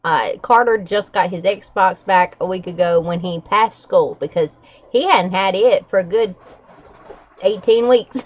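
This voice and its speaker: A woman's voice: mid-range voice, unhurried, highs cut off. A middle-aged woman, chatting candidly to her viewers with frequent fillers and laughs. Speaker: vlogger. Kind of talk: casual chat to camera.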